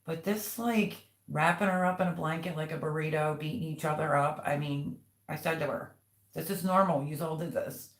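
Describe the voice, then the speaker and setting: Older lady chatting on a livestream, gravelly voice, roomy echo, rambly stories. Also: sits low, steady tone, normal speed, hardly any pauses. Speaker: livestream host. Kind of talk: casual chat with live viewers.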